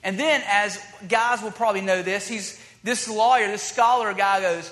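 A man's voice: sits high, normal speed, few pauses, a bit bright. A man preaching a sermon in a casual, conversational way, acting out the dialogue of the scripture he reads. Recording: long hall reverb.

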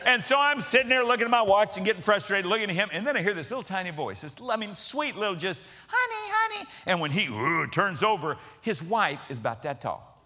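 Preaching before her congregation, a woman pastor tells a story with laughter, acting out the voices of its characters. She speaks fast and animatedly in a mid-range voice with a sharp tone.

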